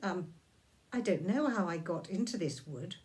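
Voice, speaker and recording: A woman's voice: lowish voice, expressive, moderate pace, darkish tone, natural voice. A woman voicing a polite, brave and curious little girl in a storybook reading, speaking plainly and matter-of-factly. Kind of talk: storybook read-aloud.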